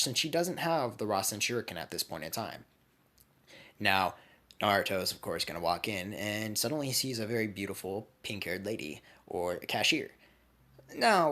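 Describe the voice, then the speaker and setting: Low-voiced man, animated, rambling fan storyteller. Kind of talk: casual fan speculation.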